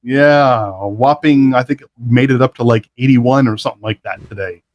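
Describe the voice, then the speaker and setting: A man's voice: mid-range voice, normal speed, lo-fi sound. An upbeat, chatty middle-aged man hosts a live online show. He talks casually and laughs easily. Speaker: show host.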